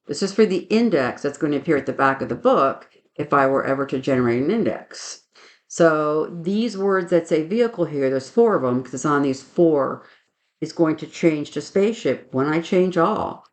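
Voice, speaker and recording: A woman teaching a software webinar, methodically explaining each click aloud and adding firm opinions on good practice. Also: low voice, animated, normal speed. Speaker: software trainer. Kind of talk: screen-share webinar demonstration.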